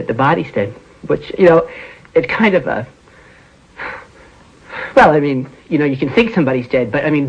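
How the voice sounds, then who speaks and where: Husky man recalling in halting speech. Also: mid-range voice. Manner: halting, many fillers and restarts, emotional. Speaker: interviewee. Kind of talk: documentary interview, recalling events. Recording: dull lo-fi recording.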